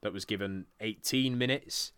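Low, bright-voiced man, swearing. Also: moderate pace, smooth, dry recording. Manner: swears freely, laughs often. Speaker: podcast host. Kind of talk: casual chat, reviewing wrestling results.

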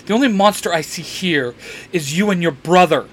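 A man's voice: high-pitched, moderate pace, a bit bright, a little hiss or hum. A man doing a flamboyant warlock. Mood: indignant. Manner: theatrical, teasing. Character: flamboyant, protective male warlock.

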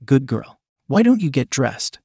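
A man voicing a dominant, teasing man who speaks low, soft and commanding. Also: big pitch swings, a little slow, creaky, breathy edge, no room sound, clean studio sound, heavily acted.

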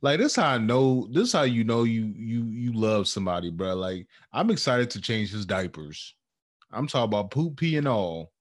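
A young man co-hosting a podcast in casual chat, animated and dropping into quoted voices as he tells stories. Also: fairly low pitch, normal speed. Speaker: podcast co-host.

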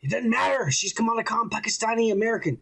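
This man talks high in his range and swears through nearly every sentence. He rambles loosely as he recaps and chats casually as a podcast host. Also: animated, fast talker, creaky, a bit bright, husky, poor audio. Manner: crude, rambling, swears constantly. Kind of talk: casual profane chat.

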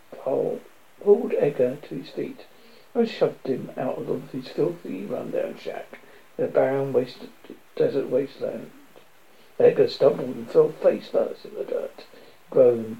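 A man reads a novel extract aloud, his voice gravelly and rough at the edges. He trips over words and restarts, raising his pitch a little for the characters' lines. The recording is dull and lo-fi. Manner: reads with slips and restarts, lifts pitch for quoted speech. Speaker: reader.

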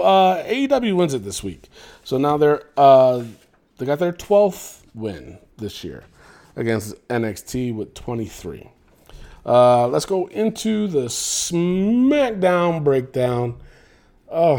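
Animated man ranting, warm voice. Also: medium pitch. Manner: opinionated, animated, swearing, many fillers. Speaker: podcast host. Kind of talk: solo wrestling podcast rant.

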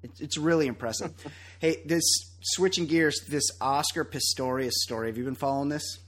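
A man co-hosting a podcast in casual banter, loud, opinionated and profane, often laughing. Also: a little high, moderate pace, a little hiss or hum. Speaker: podcast co-host.

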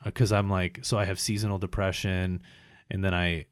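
A man's voice: low-pitched, level tone, normal speed, clean tone, no echo, studio quality. A man in his thirties chatting casually, rambling and swearing a lot as he mocks himself. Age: 30s. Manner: rambling, profane, self-mocking. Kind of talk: casual chat.

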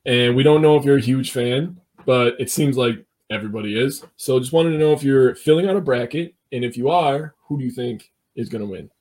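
A man's voice: mid-range voice, brisk, hardly any pauses. Easygoing male podcast co-host. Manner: relaxed, tells stories, laughs easily. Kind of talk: casual interview chat.

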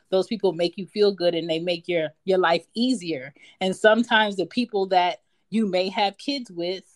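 A woman's voice: mid-range voice, dry recording. A woman in her thirties from Philadelphia, talking candidly and bluntly about family in a casual chat, swearing now and then. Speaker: mother of daughters.

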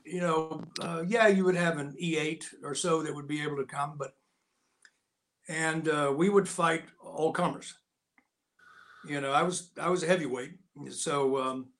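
Older American man telling war stories. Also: fairly high pitch. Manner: animated anecdotes with voiced quotes. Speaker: interview guest, actor and Navy veteran. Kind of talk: casual storytelling.

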